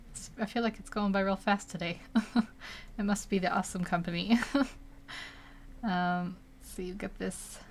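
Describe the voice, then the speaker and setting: A woman's voice: medium pitch, slight background noise. A young woman casually narrating as she paints a digital portrait, chatty and rambling, laughing often between thoughts. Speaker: digital art streamer.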